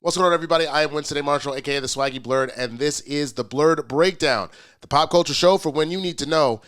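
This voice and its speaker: A man's voice: a little high, fast, fairly bright tone, faint music behind. A man hosting a pop culture commentary show, congested from a cold, speaking casually and with energy, with frequent uh restarts. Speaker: host.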